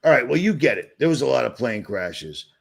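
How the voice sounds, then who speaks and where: A gravelly, husky male voice of medium pitch comes through very animated and a little fast. It belongs to a Boston livestream host who shares his screen during a sarcastic, agitated, meandering rant.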